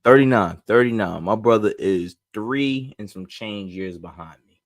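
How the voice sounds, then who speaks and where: A man in his forties hosting a casual podcast, lively and teasing. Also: fairly low pitch. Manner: lively, teasing, quick to laugh. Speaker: podcast host. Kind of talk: casual chat.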